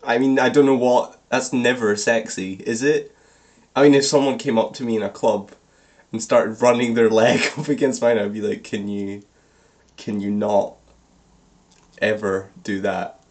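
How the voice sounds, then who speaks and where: A man's voice: medium pitch, steady tone, unhurried, a little mellow. A young man reads a ridiculous story aloud for his vlog camera. He keeps stopping to crack sarcastic jokes, often laughing at his own commentary. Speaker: vlogger. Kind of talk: comedic dramatic reading with commentary.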